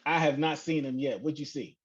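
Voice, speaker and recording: A man in casual podcast chat, with an easygoing, drawn-out delivery. The sound is muffled and lo-fi, with a dull top end. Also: a little high, steady tone, slightly rough. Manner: loose, conversational, drawn-out phrasing. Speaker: podcast co-host.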